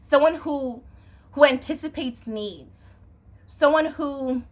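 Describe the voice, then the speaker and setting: A woman's voice: high-pitched, slow. A young woman venting in a casual, exasperated rant to camera, swearing and often asking "you know what I'm saying". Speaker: vlogger.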